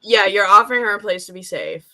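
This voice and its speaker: A woman's voice: medium pitch, fast talker, bright, forceful tone, a little hiss or hum. A woman hosting a livestream, chatting casually and reacting to clips with her guest. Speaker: streamer host.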